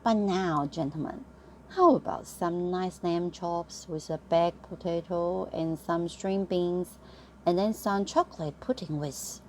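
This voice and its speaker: A woman voicing a fussy, polite male waiter who speaks in a slow, proper way, reading a bedtime story. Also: on the low side, darkish tone, slight background noise, lightly acted. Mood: prim, proper.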